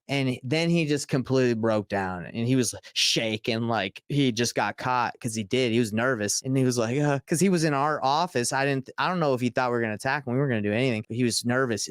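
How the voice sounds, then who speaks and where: Guy, raised pitch, dry close sound; casual storyteller who acts out the lines. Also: fast, few pauses, no echo. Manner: animated, acts out dialogue with quoted voices. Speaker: real estate wholesaler telling a story.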